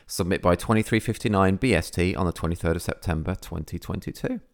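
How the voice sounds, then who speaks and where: A man's voice: deep voice, fast talker. A man hosting a podcast from England, a wedding photographer ad-libbing in a casual, rambling way with lots of fillers. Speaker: podcast host.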